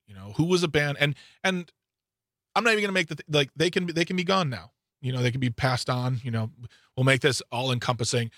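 A man hosting a radio show, chatting casually and playfully with a co-host, with lively swings in pitch. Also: fast talker, dry recording, studio quality. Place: radio studio. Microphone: studio microphone.

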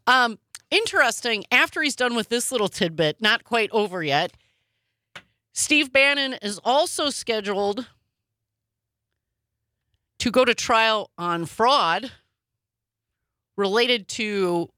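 A woman co-hosting a casual news chat, sarcastic and quick with asides. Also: on the high side, lively intonation, bright, forceful tone, no room sound, studio quality. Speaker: podcast co-host.

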